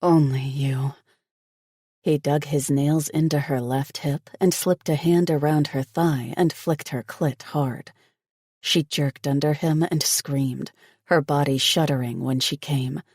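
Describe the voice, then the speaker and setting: A man reading a romance audiobook in scripted narration, slow and steady. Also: on the high side, no echo, clean studio sound.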